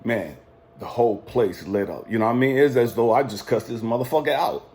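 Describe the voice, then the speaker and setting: A man's voice: medium pitch, fairly quick, darkish tone. A man from California telling a personal story in a casual, profane, defiant way, laughing often. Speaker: life coach vlogger.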